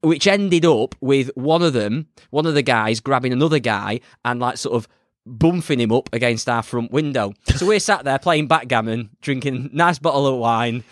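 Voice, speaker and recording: A man's voice: medium pitch, normal speed, no echo, studio quality. A man co-hosting a music podcast in casual chat, telling stories in a playful, chatty way. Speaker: podcast co-host.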